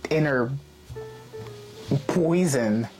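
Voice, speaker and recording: A woman's voice: rumbling low, animated, drawn-out words, a little mellow, faint music behind. A woman living in the UK giving reflective casual commentary on a video, using many "like" fillers. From lives in the UK, not British-born.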